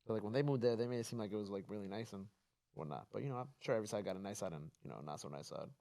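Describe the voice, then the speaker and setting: Relaxed New man hosting. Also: on the low side, rapid-fire, vocal fry. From New York. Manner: relaxed, joking, laughs easily. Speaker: host. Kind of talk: casual interview chat.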